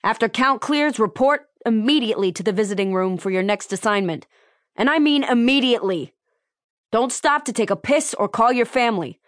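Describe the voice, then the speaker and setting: A gruff male prison lieutenant, put on by a woman narrator, barking orders in a raised, forceful voice. Stocky and permanently sulky, he snaps out commands to his staff in an audiobook thriller, recorded dry and close. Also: on the high side, animated, moderate pace, dry recording, pitched above the performer's own voice, close to an everyday voice.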